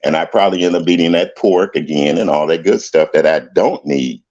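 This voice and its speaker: Deep-voiced man, slow and halting. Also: darkish tone. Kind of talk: casual chat. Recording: dull lo-fi sound.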